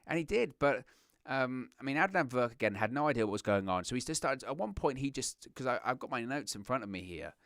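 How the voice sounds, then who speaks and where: A young man hosting a wrestling reaction show, chatting casually with lots of restarts and animated asides. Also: mid-range voice, a little fast, dry recording, clean studio sound. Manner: rambling, animated, self-interrupting with restarts. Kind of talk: casual solo commentary.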